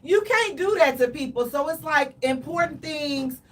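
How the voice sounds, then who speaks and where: A woman co-hosting a casual radio talk show, animated and dramatic, with playful exaggeration. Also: high voice, moderate pace, distant mic.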